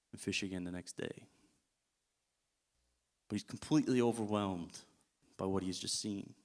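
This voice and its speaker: A man giving a sermon as a guest preacher in a church, telling the story in a casual way and chuckling often. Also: on the low side.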